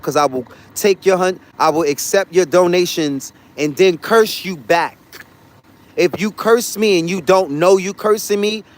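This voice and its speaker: Blunt, profane man ranting to his chat. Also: a little high. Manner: blunt, profane, repetitive and emphatic. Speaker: livestreaming traveler talking to chat. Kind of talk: casual livestream rant.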